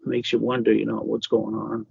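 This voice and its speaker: A man being interviewed as an author, talking casually in a halting way with many fillers and restarts. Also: on the low side, flat delivery, gravelly, darkish tone, husky, no room sound, highs cut off. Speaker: author guest.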